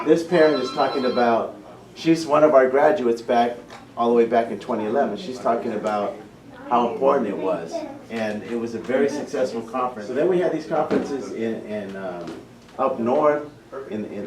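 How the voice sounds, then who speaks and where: A man's voice: medium pitch, normal speed, a crowd in the background. A man who founded a community program, speaking passionately to parents, often restarting his phrases. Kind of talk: impassioned public talk. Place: school meeting room. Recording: echoey room, distant mic, faint hum.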